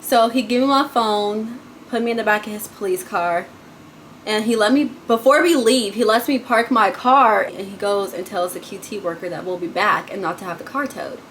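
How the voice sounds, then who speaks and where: A woman's voice: mid-range voice, normal speed, slight background noise. Chatty, dramatic woman storyteller. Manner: chatty, addresses viewers as y'all; dramatic, swings between loud and hushed. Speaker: vlogger. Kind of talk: casual storytime vlog.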